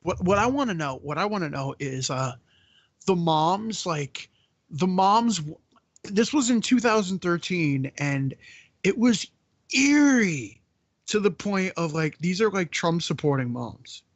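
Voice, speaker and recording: Guy hosting a movie riff show, ranty and sweary, pretty high voice, dry close sound. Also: very animated, a little slow, no room sound. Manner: exasperated, profane, ranting. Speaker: podcast host. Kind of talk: casual movie-riff chat.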